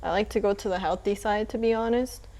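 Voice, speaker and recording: A young woman hosting a casual home cooking tutorial, chatting in a relaxed way while she cooks and eats. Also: mid-range voice, fast, a little hiss or hum. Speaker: cooking channel host.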